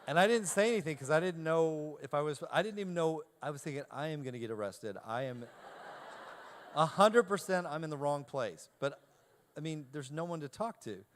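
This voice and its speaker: A man giving a talk to a youth audience, telling a self-deprecating anecdote in a lively way and acting out each exchange. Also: fairly high pitch, brisk. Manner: animated storyteller, self-deprecating, acts out dialogue. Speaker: keynote speaker. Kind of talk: humorous anecdote told to a live audience.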